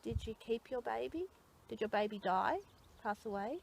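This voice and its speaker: A woman working as a psychic medium, gently asking a spirit question after question at a graveside in an outdoor cemetery. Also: on the high side, expressive, moderate pace, gravelly. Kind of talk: spoken séance at a graveside. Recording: outdoor noise behind the voice.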